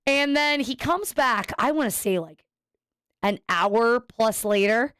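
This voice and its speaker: A woman's voice: fairly high pitch, animated, slow pace, fairly bright tone, clear, resonant tone, dry recording, clean studio sound. A woman streamer chatting casually with viewers, rambling and cutting herself off mid-sentence as she tells a story. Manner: rambling, self-interrupting storyteller.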